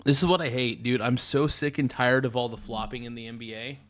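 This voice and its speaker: A man live-streaming, chatting casually and giving an excitable, frustrated play-by-play with frequent swearing. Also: medium pitch, a little fast.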